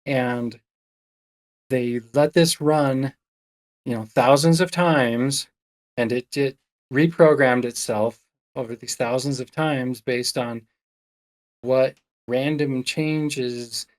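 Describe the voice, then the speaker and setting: A man on a podcast explaining hardware in casual chat, slow and thoughtful with many ums. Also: mid-range voice, steady tone.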